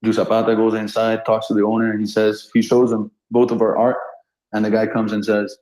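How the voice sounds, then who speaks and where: A man's voice: fairly low pitch, brisk. Laughing storyteller man in a roomy space. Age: 30s. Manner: animated anecdotes, laughs often. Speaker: guest street artist. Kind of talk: casual storytelling. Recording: roomy echo.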